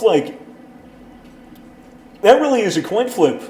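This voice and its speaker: A man's voice: sits high, wildly swooping pitch, unhurried, warm tone, a little hiss or hum. A man from the United States, a guest in casual banter, joking bluntly and crudely. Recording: roomy echo.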